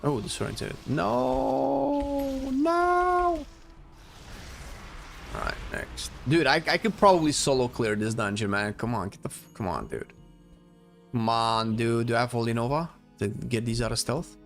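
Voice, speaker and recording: A man giving casual commentary while playing a game, animated and swearing as he plays. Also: medium pitch, moderate pace, soft background music. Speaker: gaming streamer.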